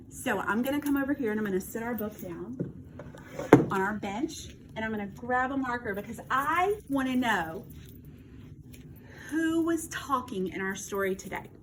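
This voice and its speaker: A woman teacher giving a slow, encouraging read-aloud lesson to young children, quizzing them and praising answers. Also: fairly high pitch, a bit bright. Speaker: first grade teacher. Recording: distant mic, faint background noise.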